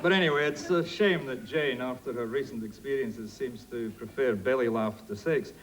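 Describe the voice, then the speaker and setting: A man's voice: medium pitch, normal speed, heavy background noise. A man with a Scottish accent giving a jokey, punchy comic debate speech from a theatre stage. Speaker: debater, politician. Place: theatre stage before an audience.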